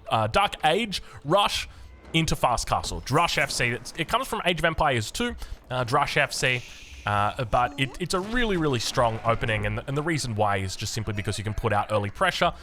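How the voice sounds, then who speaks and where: Bright-voiced Australian man casting a game. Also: medium pitch. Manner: chatty, self-correcting with frequent fillers. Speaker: game caster. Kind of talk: casting a strategy game match.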